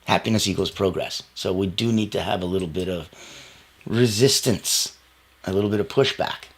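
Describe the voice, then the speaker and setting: A man giving a motivational talk, coaching listeners directly in an emphatic, animated way. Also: low-pitched, normal speed, slightly rough. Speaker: motivational speaker.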